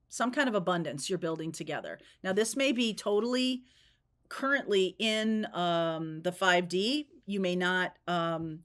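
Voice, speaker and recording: A woman giving a spontaneous tarot reading, talking in a chatty, rambling way and often checking in with "okay?" and "right?". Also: medium pitch. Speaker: tarot reader.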